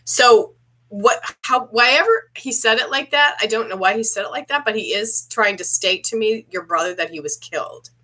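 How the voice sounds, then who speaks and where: A woman psychic medium giving a live-stream reading, speaking haltingly and clearing her throat often as she asks a viewer questions. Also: on the high side, sharp tone. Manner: halting, searching delivery with frequent throat clearing; addresses a viewer directly with questions.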